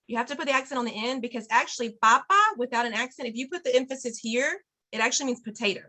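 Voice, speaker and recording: A cheerful woman leads a Spanish lesson for parents over a video call. Her voice sits a little high and has a bright edge. She keeps things encouraging and laughs easily. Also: very fast, hardly any pauses. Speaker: parent Spanish class teacher.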